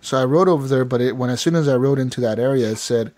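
A man's voice: mid-range voice, fast talker. Young guy on a gaming podcast, chatty, acts out scenes as he tells them. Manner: animated storyteller, acts out game characters. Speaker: podcast co-host. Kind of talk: casual gaming podcast chat.

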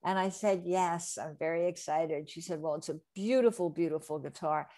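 A woman's voice: lowish voice, normal speed. Woman from New Jersey telling stories. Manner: lively anecdote telling, acting out quoted people. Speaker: interview guest, re-recording mixer. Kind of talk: casual storytelling interview.

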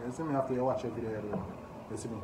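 A Jamaican man hosting a casual music reaction, talking excitedly and often asking "you see me?". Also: mid-range voice, very fast. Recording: echoey room with background noise.

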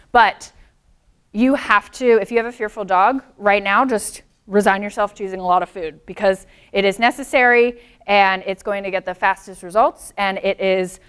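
A woman with a smooth, resonant voice leads a seminar on dog behavior. She explains things patiently and picks up on comments from the audience. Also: mid-range voice. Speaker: dog trainer. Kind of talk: presenting a live seminar.

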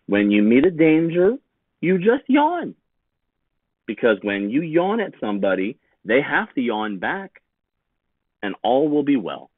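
A man voicing a gentle, wise mother who talks in a soothing, lilting way. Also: mid-range voice, wildly swooping pitch, measured pace, pauses often, dry recording, pitched above the performer's own voice. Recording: tinny phone-like sound, dry.

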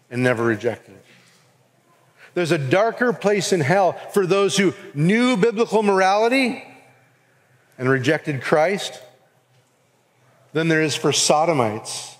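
A man giving an earnest sermon as pastor with a Southern US accent. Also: a little high. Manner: earnest preaching, acts out quoted voices. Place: church sanctuary. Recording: long reverb of a hall.

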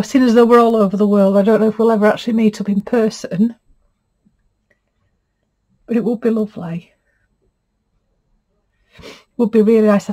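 A woman's voice: medium pitch, warm tone. A middle-aged woman, a textile artist, chatting casually as she looks over fabric pieces, gushing and easily moved. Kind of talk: casual unboxing chat.

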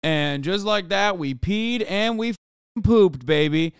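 Man in his thirties, casual live streamer, animated and foul-mouthed, crisp voice, dogs in the background. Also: high voice, slow pace, faint music behind. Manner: profane, animated, ranting at chat. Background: dogs barking.

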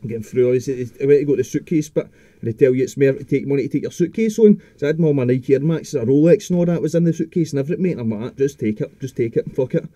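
A man's voice: medium pitch, animated, rapid-fire, mellow, no echo. A young man in his twenties, a podcast guest telling a rambling, sweary story and tagging his lines with "mate". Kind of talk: casual storytelling chat.

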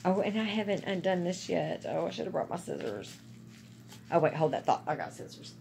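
A woman's voice: on the low side, expressive, brisk, vocal fry, a little mellow, a little hiss or hum. A woman chatting casually and gushing to her viewers about gifts she is unboxing. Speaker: vlogger.

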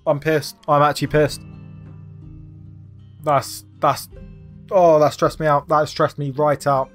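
A man's voice: mid-range voice, fairly even intonation, a little slow, long pauses, a bit bright, faint music behind. A man commentating a game playthrough, frustrated and swearing about the ending. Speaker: gaming YouTuber. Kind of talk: let's play commentary.

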